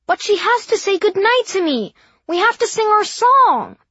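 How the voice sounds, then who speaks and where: A woman voicing an upset young boy who shouts and pleads in a loud, childish voice. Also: extremely high pitch, very animated, normal speed, no echo, voice pushed up, exaggerated voice. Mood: upset shouting. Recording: dull dry lo-fi.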